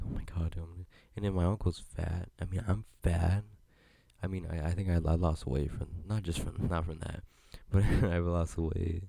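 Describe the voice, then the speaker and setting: A man's voice: low-pitched, gravelly, warm tone, no echo. A young man hosting a solo podcast, rambling in a laid-back way and swearing freely. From United States. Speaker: podcast host. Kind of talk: solo casual podcast chat.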